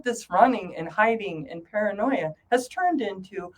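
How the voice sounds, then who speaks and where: Lively woman telling her story. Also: mid-range voice, normal speed, hardly any pauses, rough recording. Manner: animated, acts out her own past thoughts in a raised voice. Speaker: guest. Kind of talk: candid storytelling interview.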